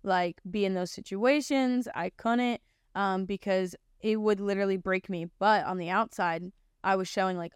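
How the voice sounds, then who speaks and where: A woman's voice: mid-range voice, fairly even intonation, moderate pace, smooth, no room sound, clean studio sound. Young woman telling her faith testimony. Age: young adult. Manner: casual, heartfelt, heavy use of "like". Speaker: Christian sharing her testimony. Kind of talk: personal testimony storytelling.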